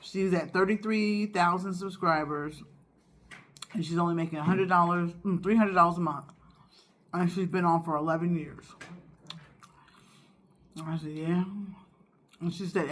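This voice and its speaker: A woman's voice: lowish voice, unhurried, long pauses. A woman who hosts a mukbang, chatting casually and expressively while she eats. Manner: chatty and expressive, talks through bites. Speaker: mukbang vlogger host. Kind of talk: casual chat while eating.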